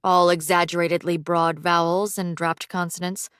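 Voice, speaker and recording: A woman narrating an audiobook in an even, measured way. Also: lowish voice, no room sound, clean studio sound. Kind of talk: scripted narration.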